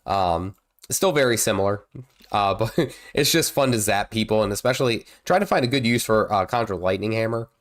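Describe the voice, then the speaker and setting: A gaming streamer in his thirties, congested with a cold, rambles casually through live gameplay commentary, chatting and exclaiming at the game. His voice is on the low side, expressive, and a little fast.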